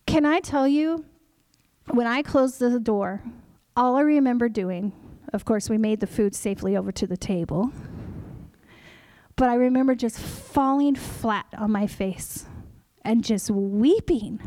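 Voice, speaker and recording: A woman preaching a sermon, telling a personal testimony in an animated storytelling way and acting out her own past words. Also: fairly high pitch, moderate pace, dry recording.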